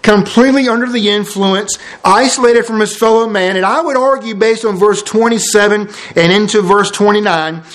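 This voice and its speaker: A man's voice: high voice, a bit bright. A man preaching an expository sermon, emphatic and repeating key phrases for effect.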